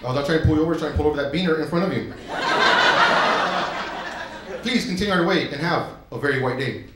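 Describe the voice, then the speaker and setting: A fawning traffic cop apologizes in a prim, formal tone, as a male stand-up comic puts him on. The voice sits a bit lower than the comic's usual pitch. It is a very echoey live club recording with noise in the room. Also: expressive, fast, close to an everyday voice.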